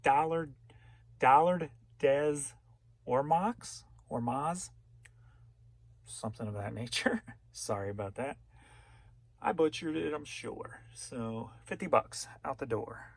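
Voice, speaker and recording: This online reseller's mid-range voice is expressive, slow, and marked by vocal fry, with frequent pauses. He gives an easygoing rundown of what he sold, listing each item and its destination and chuckling from time to time.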